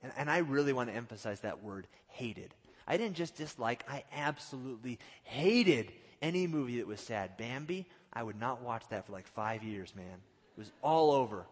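Man preaching, dramatic loud-to-hushed delivery, long hall reverb. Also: medium pitch, animated, fairly quick. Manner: dramatic swings from loud to hushed, acts out quotes. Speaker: pastor. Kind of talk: sermon.

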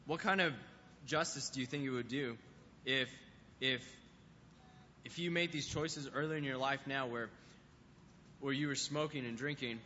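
Man preaching, conversational, repeats words, fairly high voice, faint hiss. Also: pushed and bright. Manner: conversational, repeats words while thinking, asks the audience questions. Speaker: youth pastor. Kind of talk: sermon. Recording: muffled hall recording with long reverb and faint hiss.

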